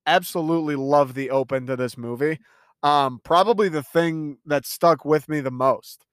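A man's voice: on the high side, smooth, dry recording, clean studio sound. A young man talking through a casual movie review, enthusiastic and rambling, swearing freely.

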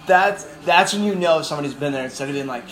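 A man's voice: a little high, fast, a bit bright. A young man with a slightly raised voice talks in an easygoing, upbeat way. The room sounds echoey, and music plays behind him. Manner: easygoing, upbeat, says dude and like a lot. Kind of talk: casual chat. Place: a house.

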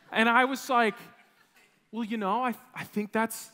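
A man in his thirties from Wisconsin, preaching a sermon as a pastor, telling a personal story in an animated, self-deprecating way with frequent restarts. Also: extremely high pitch, a little slow. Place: church sanctuary. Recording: long reverb of a church hall.

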